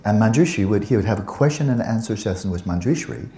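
A man's voice: fairly low pitch, animated, quick pace, reverberant, noisy background. A man teaching Buddhism to students in a conversational, digressive way with playful asides. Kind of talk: dharma talk to students.

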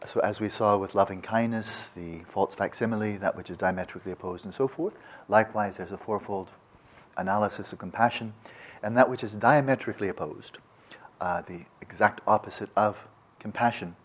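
A man's voice: lowish voice, a little fast. A man teaching meditation in a reflective talk. He speaks thoughtfully and often restarts his sentences. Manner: acts out quoted voices.

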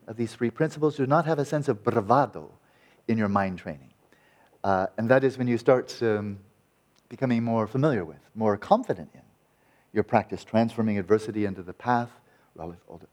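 A man teaching Buddhist meditation in a dharma talk, lively and wry, with a sarcastic edge and frequent restarts. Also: medium pitch.

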